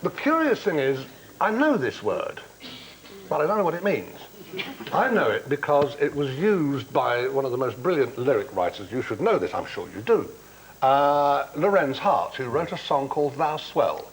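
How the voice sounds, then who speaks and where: A man's voice: medium pitch, sing-song, moderate pace, slight background noise, low-quality recording. A man on a TV panel game telling a long, droll, theatrical story. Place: TV studio.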